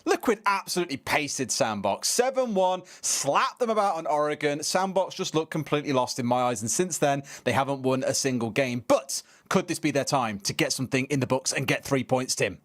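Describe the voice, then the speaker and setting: A young man casting an esports match, joking about himself before previewing the game briskly. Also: medium pitch, animated. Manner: jokey, self-mocking, then brisk match preview. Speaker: esports caster. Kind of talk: play-by-play casting banter.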